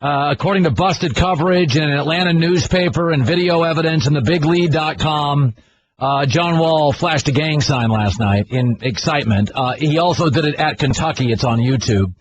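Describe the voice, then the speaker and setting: A man's voice: on the high side, normal speed, muffled recording, background noise. A man hosting a sports radio show, ranting and sarcastic in disbelief. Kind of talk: opinionated sports talk.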